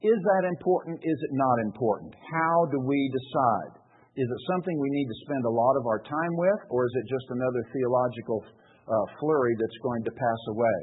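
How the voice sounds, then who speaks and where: A man preaching a sermon with a husky voice, asking the congregation questions and answering them himself. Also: medium pitch, fairly quick, a little hiss or hum. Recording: tinny narrow-band recording.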